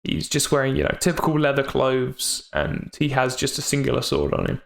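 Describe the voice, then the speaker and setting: Halting game master in an echoey room. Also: male voice, mid-range voice, flat delivery, vocal fry. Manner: halting, laughs often, uses fillers. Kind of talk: narrating a tabletop game.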